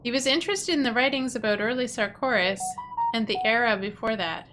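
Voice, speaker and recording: A woman's voice: fairly high pitch, brisk, over music, natural voice. A woman reading aloud the lines of a crusader survivor from a video game, in an earnest read-aloud way. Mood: urgent.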